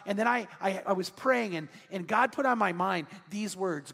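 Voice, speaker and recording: A male pastor telling a story during a sermon, acting out the dialogue with animated delivery. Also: high voice, moderate pace, creaky, hardly any pauses. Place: large church sanctuary. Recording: church hall reverb.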